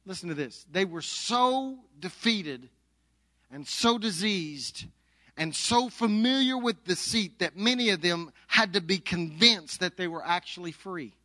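Male pastor, high bright tone, dynamic sermon delivery. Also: expressive, measured pace, no echo. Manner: dynamic, swings from loud to hushed. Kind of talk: Easter sermon with storytelling.

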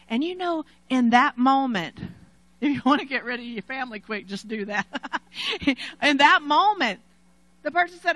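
A middle-aged woman preaching a sermon, telling a personal story dramatically, swinging from loud to hushed and laughing between lines. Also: high voice, animated, normal speed, dry recording, low-quality recording.

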